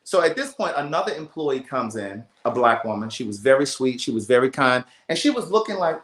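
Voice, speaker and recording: A man hosts a casual livestream and tells a story in an animated, emphatic way, circling back and repeating himself as he goes. His voice sits at an ordinary pitch and carries a noticeable roomy echo. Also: brisk, few pauses. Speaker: livestream host.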